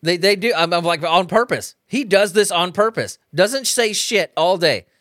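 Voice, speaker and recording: A man's voice: high voice, moderate pace, a bit bright, no room sound, clean studio sound. Swearing, rambling man hosting a podcast. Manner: profane, rambling, laughs often. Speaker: podcast host. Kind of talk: casual podcast chat. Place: at home. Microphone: microphone on a stand.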